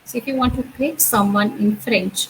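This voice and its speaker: A woman's voice: fairly high pitch, moderate pace, slight background noise, low-quality recording. A woman teaching an introductory French lecture, explaining patiently and repeating each sound and word, with frequent "uh" and "okay". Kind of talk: recorded university lecture.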